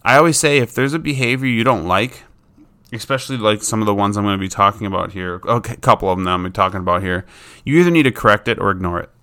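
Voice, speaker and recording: A man's voice: on the low side, rapid-fire, bright, forceful tone, smooth. Plain-spoken man explaining dog training. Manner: informal, plain-spoken, acts out what a dog thinks. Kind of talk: casual instructional talk.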